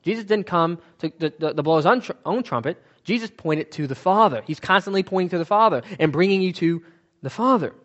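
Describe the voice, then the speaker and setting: Man, Bible teacher, higher voice, question-and-answer teaching, emphatic, dull lo-fi sound. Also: animated, fairly quick, fairly bright tone. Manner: explanatory, asks and answers own questions, stresses words. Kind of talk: teaching sermon.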